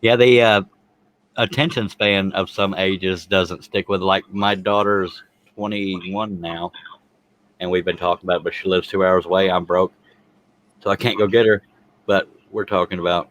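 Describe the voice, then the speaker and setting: A man with a low, slightly bright voice hosts a casual livestream panel, reading out viewer comments at a moderate, steady pace. He jokes at his own expense and laughs often.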